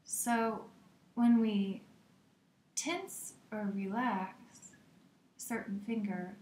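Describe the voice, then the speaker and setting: A woman teaching a guided meditation in a slow, gentle way, often slipping into a soft whisper. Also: mid-range voice, roomy sound, a little hiss or hum.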